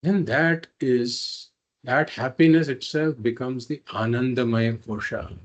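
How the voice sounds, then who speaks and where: A man's voice: mid-range voice, fairly even intonation, measured pace. A man teaching a spiritual philosophy class, explaining patiently and repeating points through simple examples. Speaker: Vedanta teacher.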